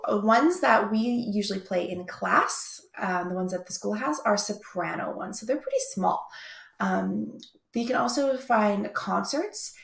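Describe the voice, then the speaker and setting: Young woman music teacher, chatty and upbeat, bit of vocal fry, echoey room. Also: fairly high pitch. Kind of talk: recorded video lesson.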